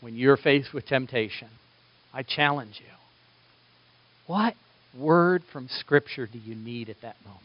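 A male pastor gives an animated sermon, swinging from emphatic peaks to soft, quiet drops, with long pauses and a slightly slow pace. His voice is mid-range, and the recording sounds dull and lo-fi, with no echo.

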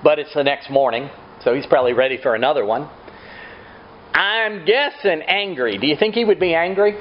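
A man's voice: fairly high pitch, normal speed, muffled recording, slight background noise. A man preaching a sermon, asking rhetorical questions and acting out quotes. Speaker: pastor.

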